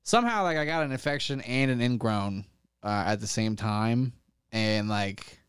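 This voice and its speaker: A man's voice: fairly low pitch, normal speed, a bit bright, clear, resonant tone, no room sound, clean studio sound. A young man in casual, profane chat, rambling with many fillers and laughing often.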